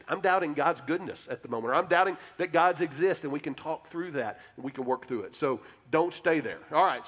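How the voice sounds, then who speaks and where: Male pastor, earnest and emphatic, a touch high, answering questions in a church with long hall reverb. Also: a bit bright. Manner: earnest, emphatic preaching, speaks straight to the congregation. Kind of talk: sermon-style Q&A answer. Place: church sanctuary.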